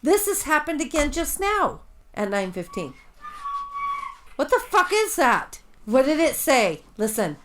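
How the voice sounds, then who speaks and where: A woman co-hosting a casual podcast chat, excitable and rambling, swearing freely as she tells stories. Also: high voice, measured pace, background noise. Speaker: podcast co-host.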